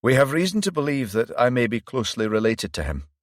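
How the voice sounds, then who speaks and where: A man voicing a male police detective who talks in a calm, measured way. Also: mid-range voice, dry recording, clean studio sound, pitched above the performer's own voice, natural voice. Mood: steady.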